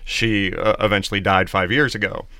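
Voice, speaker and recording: A man co-hosting a talk show discussion, speaking in a measured, reflective way on a dry close mic. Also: on the low side, fairly even intonation, creaky, pushed and bright, no echo. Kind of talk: podcast discussion.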